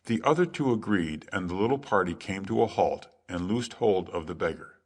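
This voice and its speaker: A man reading a classic adventure tale aloud as calm, measured sleep story narration. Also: low-pitched. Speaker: audiobook narrator.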